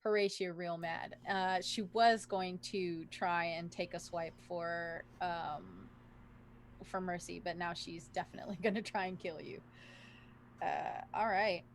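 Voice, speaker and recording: A woman narrating as dungeon master of a tabletop game, casual, with slow narration between quick asides. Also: on the low side, fairly even intonation, slight background noise.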